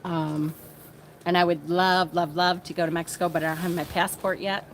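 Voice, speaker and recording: A woman's voice: lowish voice, flat delivery, moderate pace, slight background noise. A woman hosting a casual live stream from a small screened porch room. She chats in a rambling, upbeat way and greets her viewers by name.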